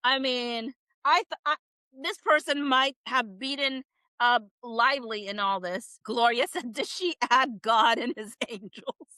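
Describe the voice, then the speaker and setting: A woman's voice: fairly high pitch, a little slow, bright, forceful tone, no echo, rough recording. A young woman giving casual live-stream commentary, reading chat comments and laughing often in incredulous disbelief.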